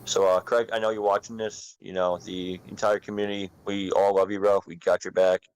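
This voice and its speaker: A man's voice: low-pitched, level tone, brisk, darkish tone, clean tone, poor audio. A man speaking earnestly and supportively as a guest on a casual video-call panel.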